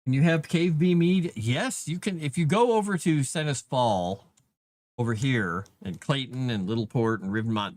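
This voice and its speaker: A man talks casually through a writing livestream, thinking aloud with plenty of fillers and restarts. His voice sits at a middle pitch, and the sound is dry and close, with no room echo.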